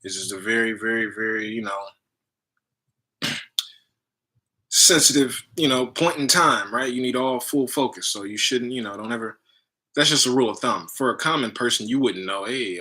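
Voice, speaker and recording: A man's voice: medium pitch, bright, forceful tone. A man and spiritual teacher telling a story in loose, slangy casual talk, full of "you know" and "right?".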